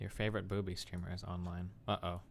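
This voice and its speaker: A man's voice: low voice, flat delivery, fast talker, gravelly, a little hiss or hum. A man streaming live, chatting offhand and crudely while reacting to clips and fighting his computer. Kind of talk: casual livestream chat.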